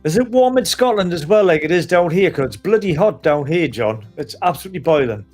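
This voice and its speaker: A man's voice: fairly high pitch, animated, fairly quick, darkish tone, soft background music. Chatty Geordie man. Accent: Newcastle Geordie. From northeast England. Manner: chatty, laughs often, swears casually. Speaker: co-host. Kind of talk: casual live-stream chat.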